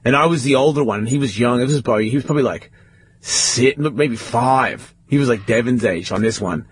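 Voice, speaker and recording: A man's voice: medium pitch, brisk, breathy edge. A man, casually telling a story on a podcast and swearing often. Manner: swearing often, animated retelling.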